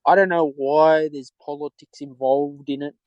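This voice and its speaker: A man's voice: a little high, fairly even intonation, normal speed, darkish tone, no echo, highs cut off. An Australian man hosting a podcast alone, rambling in frustration and repeating himself. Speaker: podcast host. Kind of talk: solo opinion talk.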